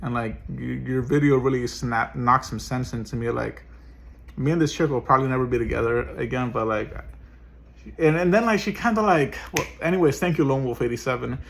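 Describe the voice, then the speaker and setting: A man's voice: medium pitch, a little fast, gravelly, a little hiss or hum. A man venting in a personal vlog as a single dad, swearing often and sounding frustrated. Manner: profane, frustrated ranting.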